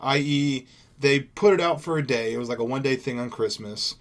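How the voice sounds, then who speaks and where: A man's voice: mid-range voice, brisk. A young man from Seattle giving casual gameplay commentary as a gaming YouTuber, rambling and laid-back, swearing now and then. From Seattle, USA.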